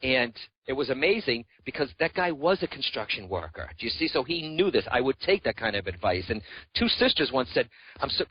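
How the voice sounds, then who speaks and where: A man's voice: medium pitch, sing-song, fairly quick, slightly rough, no room sound, muffled recording. A man giving a psychic reading on a radio show, talking in an earnest, reassuring way and often calling the caller by name. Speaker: psychic medium guest.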